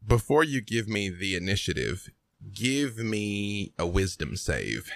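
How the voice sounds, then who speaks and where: A man narrating as game master of a tabletop game, calm and deliberate with playful asides. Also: on the low side, gravelly, dry recording.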